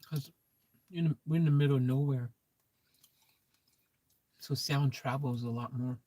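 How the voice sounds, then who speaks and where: A man's voice: mid-range voice, steady tone, measured pace, mellow, no echo. A man chatting casually to camera from inside his parked van at night, rambling loosely. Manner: rambling, loose, peppered with filler phrases. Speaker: van life vlogger. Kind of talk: casual vlog chat to camera.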